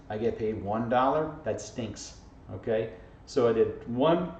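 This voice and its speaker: A lowish-voiced man teaching algebra in a playful, joking way, checking in with the class every few lines. He is caught from across a roomy, echoing space. The sound is dull and a little muffled, with a faint hiss behind it. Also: moderate pace, darkish tone. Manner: jokey, playful, full of "okay?" and "right?". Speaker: math teacher. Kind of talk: informal video math lesson. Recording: echoey, distant, dull camera audio with faint hiss.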